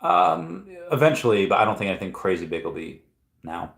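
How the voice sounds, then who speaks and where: A man with a lowish voice chats loosely through a livestream, reading out viewer comments and musing aloud. He pauses often with ums and uhs. His voice rings a little in a room with noticeable echo. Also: sing-song, gravelly, a bit bright. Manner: rambling, thinking aloud with many fillers. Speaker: crypto livestream host. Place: room at home at night.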